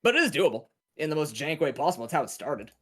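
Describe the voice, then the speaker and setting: Man, thirties, gamer commentary, lively swooping voice, a bit high. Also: fast, slightly rough. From Canada. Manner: chatty, animated, rambling. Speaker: game runner. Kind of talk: casual commentary while playing.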